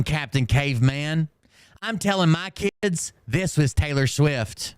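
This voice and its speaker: A man reads viewer comments aloud in a slow, unhurried drawl and trades jokes at someone's expense between bursts of laughter. His voice is smooth and sits a little higher than most men's. The sound is dry and close, with no room around it. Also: lively intonation, dry recording. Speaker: streamer reading comments. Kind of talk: casual mocking commentary.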